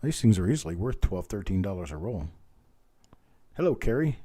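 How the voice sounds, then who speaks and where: A man hosting a live-streamed coin auction, calling bids quickly and chatting with viewers by name, his voice a little strained from talking. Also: sits low, very animated, warm tone, slightly rough. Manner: rattles off bid calls fast, chats with viewers by name.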